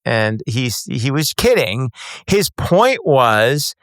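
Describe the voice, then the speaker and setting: Podcast host: middle-aged man, wry and conversational, mid-pitched smooth voice, dry sound. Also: very animated, slow, fairly bright tone, no room sound. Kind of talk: casual interview chat.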